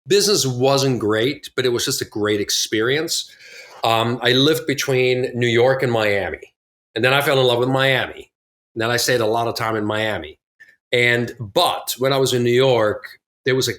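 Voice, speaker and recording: Animated middle-aged man telling stories. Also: mid-range voice. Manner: animated, acts out quotes from others, laughs often. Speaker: podcast guest, actor. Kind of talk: casual interview storytelling.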